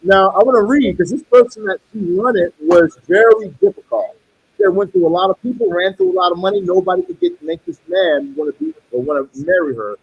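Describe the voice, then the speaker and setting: A man reading tarot and pitching paid rituals in a salesy way, often repeating "okay" and "you guys.". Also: huge pitch swings, brisk, creaky, slightly rough, muffled recording. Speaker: tarot reader and spell seller.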